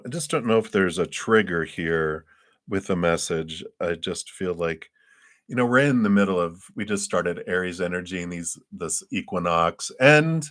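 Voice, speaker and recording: A man's voice: low voice, a bit bright. A man giving tarot readings on a live stream, chatty and thinking aloud, laughing often between thoughts. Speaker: tarot reader.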